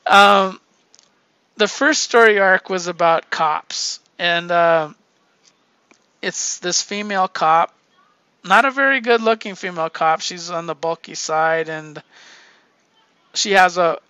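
A man's voice: sits high, takes it slowly, long pauses, bright, forceful tone, smooth, no echo, highs cut off. A man hosting a casual comic book review, retelling plots with lots of swearing and laughter. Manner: profane, laughing storyteller. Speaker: podcast host reviewing comics.

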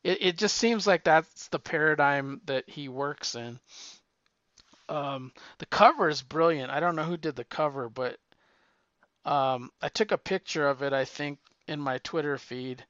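Chatty rambling man, bright clear voice. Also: a little high, no echo, muffled recording. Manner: rambling, halting with restarts and fillers. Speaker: podcast co-host reviewing comics. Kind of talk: casual chat.

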